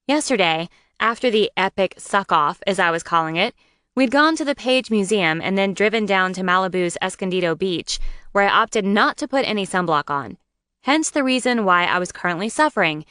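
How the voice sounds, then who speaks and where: A woman reading a first-person romance audiobook with a wry, lively storytelling manner. Her voice is smooth and clear, recorded dry and close with no room sound. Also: mid-range voice, normal speed, dry recording. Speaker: audiobook narrator.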